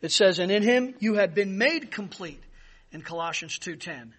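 A man's voice: high-pitched, lively intonation, moderate pace, breathy edge. A man preaching a Bible-study sermon, emphatic, with repeated phrases that build in force. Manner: emphatic, repeats key words, rises for stress. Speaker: pastor. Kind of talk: expository sermon.

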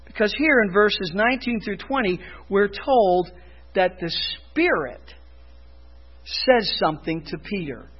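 A man preaching a sermon as pastor, emphatic, rising loud for emphasis and dropping low. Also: animated, unhurried, slightly rough, muffled recording.

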